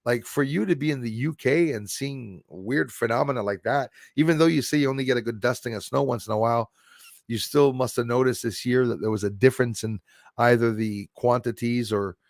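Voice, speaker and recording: A man's voice: medium pitch, vocal fry, no room sound, clean studio sound. A man hosting a live stream, chatting casually in a rambling way and answering viewer comments. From Quebec.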